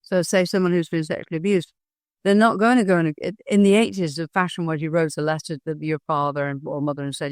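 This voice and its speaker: A woman's voice: sits low, fairly even intonation, fast, clean tone, dry recording, studio quality. A middle-aged woman, a hypnosis trainer, speaking as a guest in an interview, talking earnestly and telling stories with animation and frequent restarts. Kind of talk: candid interview talk.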